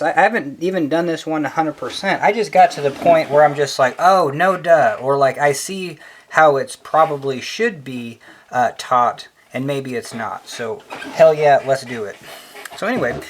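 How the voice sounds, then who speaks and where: A man's voice: medium pitch, fairly bright tone. A man talking through a math logic puzzle, chatty and full of fillers, often cheering himself on and trailing off. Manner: chatty, filler-heavy, says "hell yeah" a lot. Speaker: math tutor. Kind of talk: rambling casual explainer.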